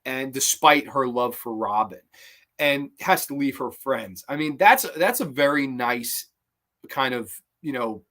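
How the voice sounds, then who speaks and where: A young man hosting a casual review show, talking in a rambling, animated way with many restarts and sudden jumps in emphasis. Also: mid-range voice, unhurried. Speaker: host of a cartoon review show. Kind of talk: casual spoken episode review.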